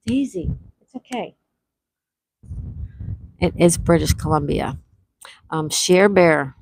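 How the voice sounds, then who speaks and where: A woman's voice: medium pitch, poor audio. A woman hosting a casual live-stream trivia game, reading each question twice and greeting players by name.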